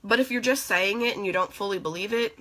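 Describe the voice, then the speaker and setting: A woman's voice: medium pitch, fast talker, crowd noise. A young woman vlogging at home in a casual, emotional, chatty way, with lots of fillers. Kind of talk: casual reflective vlog.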